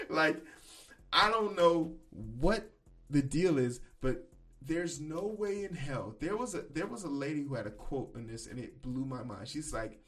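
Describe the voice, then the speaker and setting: A man hosting a podcast, giving blunt, profane opinion commentary in casual speech, with loud emphatic bursts. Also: on the high side, expressive, slow pace. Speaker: podcast host.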